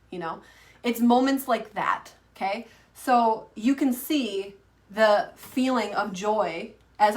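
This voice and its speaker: Heard from far off the mic, this mid-range voice belongs to a thirtysomething online coach. She teaches to the camera casually, rambling along with lots of fillers and false starts.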